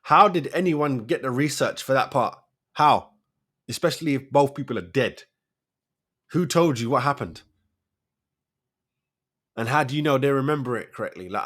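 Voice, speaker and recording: A man's voice: medium pitch, a bit bright. A man, hosting a casual solo commentary show, firing off rhetorical questions in street slang. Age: 40s. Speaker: host of a debate show.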